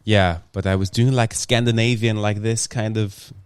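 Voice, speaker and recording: Low-voiced man with a smooth tone. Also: normal speed, dry recording. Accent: Toronto. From Montreal, Canada. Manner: relaxed, jokey, trails off with fillers. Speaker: podcast host. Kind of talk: casual chat.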